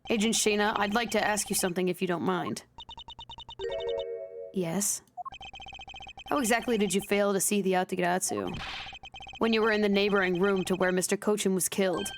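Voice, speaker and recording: A woman streamer reading the measured, formal lines of a composed male prosecutor in her own voice. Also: medium pitch, fairly even intonation, music in the background, close to an everyday voice. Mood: probing.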